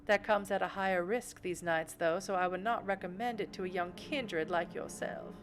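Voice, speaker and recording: A woman voicing a poised vampire patroness in a put-on Southern US accent, speaking in a measured, instructive way. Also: fairly low pitch, soft background music, lightly acted.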